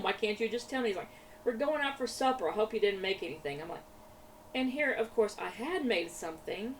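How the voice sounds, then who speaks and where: Animated and fairly quick, with a slightly high voice, a woman chats in a rambling way while crafting for her vlog, often laughing and saying things twice. Faint room noise comes through a slightly distant mic.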